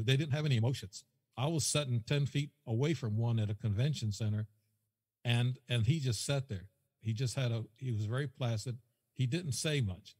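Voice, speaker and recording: Rambling male guest storyteller, husky, long echo. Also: mid-range voice, darkish tone. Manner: rambling, repeats himself, quotes dialogue. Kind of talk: casual storytelling.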